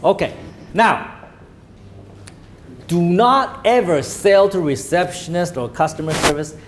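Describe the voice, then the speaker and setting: Male sales trainer, emphatic lecturer with a higher register, commanding in role-play. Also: animated, a little slow. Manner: emphatic, acts out phone calls in a commanding tone. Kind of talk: lecture to a live class.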